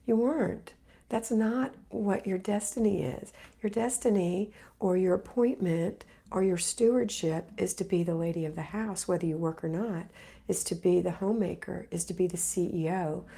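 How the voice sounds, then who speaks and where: A middle-aged woman, still recovering from an illness, hosts a live homemaking Q&A, reading viewer comments aloud and answering in an encouraging, motherly way. Her voice sits fairly low and is creaky, warm, and a bit rough.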